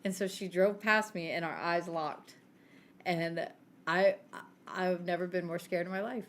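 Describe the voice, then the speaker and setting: A middle-aged woman co-hosting a podcast, telling lively family stories in casual chat and laughing often. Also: fairly low pitch, unhurried, a little hiss or hum. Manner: animated storyteller, laughs often. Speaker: podcast co-host.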